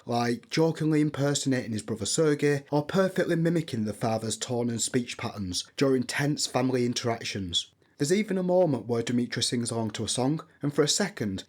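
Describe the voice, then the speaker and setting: Guy doing a film review, blunt and opinionated, swears a bit, middle pitch, plain voice. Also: darkish tone. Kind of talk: scripted review.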